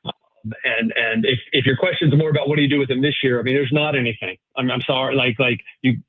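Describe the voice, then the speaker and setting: A man's voice: mid-range voice, steady tone, fast talker. A man who writes about sports, talking as a guest on a radio show in a rambling, hesitant way with many restarts. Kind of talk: casual sports talk. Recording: tinny phone line.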